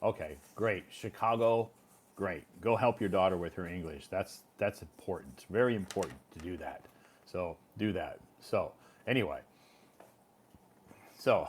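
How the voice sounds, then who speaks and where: A man's voice: sits low, expressive, a little slow, breathy edge. An American man hosting a casual live stream, talking in a rambling way with many fillers. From United States. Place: home in Beijing.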